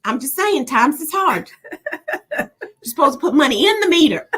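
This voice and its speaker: This livestream host speaks high at a normal speed, going through chat comments out loud with playful teasing, lively energy and frequent laughter.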